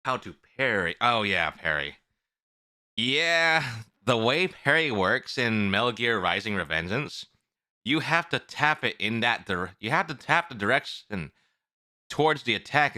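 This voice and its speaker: A man's voice: fairly low pitch, no echo, studio quality. A man streaming and chatting casually, rambling and talking with his mouth full. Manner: rambling, animated, eating while talking.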